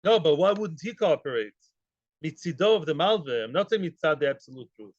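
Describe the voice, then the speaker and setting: A man teaching a daily Talmud class in an animated way, quizzing students and acting out the people in the case. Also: fairly high pitch, fairly quick, no room sound. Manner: animated, acts out quoted voices, mixes Hebrew and Aramaic terms; asks students questions. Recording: dull, lo-fi recording.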